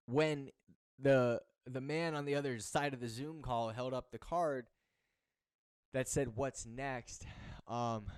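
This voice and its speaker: A man gives a motivational talk as host, pressing his points by repeating words and phrases. His voice is smooth and clear, at a middle pitch. The sound is dry and close. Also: dry recording. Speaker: football recruiting coach and host.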